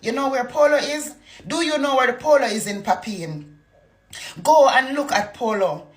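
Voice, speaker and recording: A woman's voice: high-pitched, moderate pace. A woman from Jamaica with a Jamaican accent, delivering a fiery political rant full of rhetorical questions. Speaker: political commentator.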